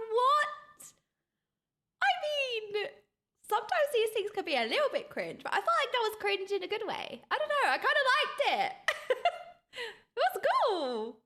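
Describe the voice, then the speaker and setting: A woman streamer chatting excitedly with her viewers as she reacts to videos, laughing often. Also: very high-pitched. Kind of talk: live-stream reaction chat.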